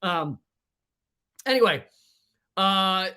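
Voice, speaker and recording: A man's voice: high-pitched, lively intonation, very slow, sharp tone, smooth. A man hosting a livestream, ranting in a casual, profane, rambling way with many restarts. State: sweating from heat. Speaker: comedian livestream host.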